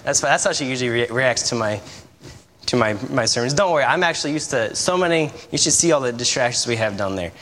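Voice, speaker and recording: A man's voice: medium pitch, animated, fast talker, a bit bright. A man in his thirties, a visiting missionary preacher, giving a casual, joking, self-deprecating sermon in a church. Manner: self-deprecating, chatty, with laughs. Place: church sanctuary. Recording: church hall reverb, faint room noise.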